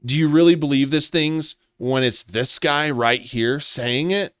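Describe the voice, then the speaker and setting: Man, slow deliberate pace, smooth clear voice, dry close sound, scornful accusing rant. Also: fairly high pitch, fairly bright tone, dry recording. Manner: accusatory, contemptuous, profane. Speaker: commentary vlogger. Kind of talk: ranting commentary.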